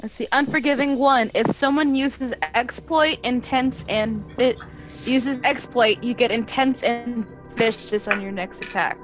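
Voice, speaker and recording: A woman's voice: fairly high pitch, unhurried, soft background music. A woman playing a tabletop game, reading rule notes aloud. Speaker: player.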